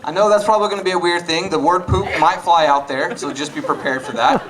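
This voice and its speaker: A man's voice: on the high side, quick pace, a crowd in the background, low-quality recording. A young man doing a stand-up comedy set, acting out both sides of arguments with his wife. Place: comedy club stage. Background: audience laughter.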